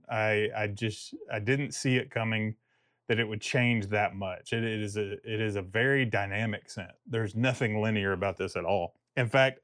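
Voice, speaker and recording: A man's voice: fairly low pitch, fairly bright tone, no echo, studio quality. A man giving a casual video review of a fragrance, rambling and joking and often breaking off mid-thought. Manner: rambling, self-interrupting, jokey.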